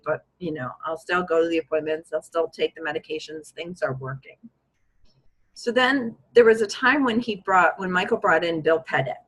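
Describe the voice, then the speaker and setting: A woman's voice: on the low side, fairly bright tone, slightly rough, poor audio. A woman recounting a personal story in a conversation, candid and reflective, her voice lifting when she quotes her own past thoughts. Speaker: guest.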